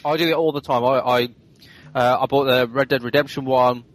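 A man's voice: medium pitch, steady tone, brisk, poor audio. A man co-hosting a casual game podcast, talking chattily with jokey asides. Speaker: podcast co-host.

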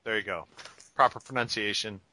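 A man's voice: on the low side, fairly quick, sharp tone. A man co-hosting a casual podcast chat, teasing the others and steering the talk. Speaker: podcast co-host.

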